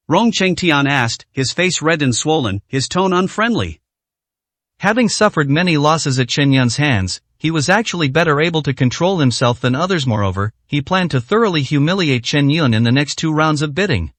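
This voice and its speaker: A man reading a story aloud in a steady, even scripted narration. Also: fairly high pitch, normal speed, no room sound.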